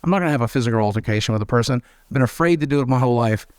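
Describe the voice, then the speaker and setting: An American interview guest with a mid-range voice races through candid stories at a very fast pace, acting out the voices of people in them. Animated, frank, and self-deprecating, he's captured in studio quality with no echo.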